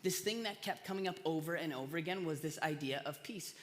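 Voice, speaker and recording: Man, pastor, casual conversational sermon, bright forceful voice, fairly high pitch, long hall reverb. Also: a little fast. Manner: conversational, storytelling, self-deprecating jokes. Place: large church hall.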